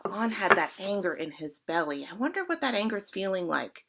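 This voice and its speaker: A woman reading a picture book aloud to children, gently inviting the listeners with questions. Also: medium pitch, big pitch swings, fairly quick, gravelly. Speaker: storyteller.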